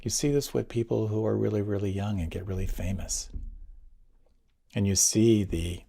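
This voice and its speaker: An older man, a meditation teacher, recounting his experiences in a reflective storytelling talk, swinging between near whispers and lively bursts. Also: lowish voice, moderate pace, vocal fry. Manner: animated, drops to near whispers and rises again.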